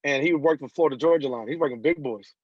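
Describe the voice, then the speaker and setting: A man, a country singer guest on an interview podcast, telling stories lively and acting out the people he quotes. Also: a little high, fast talker, husky, no room sound. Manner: animated storyteller who acts out quoted dialogue. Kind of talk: casual interview storytelling. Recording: dull lo-fi dry sound.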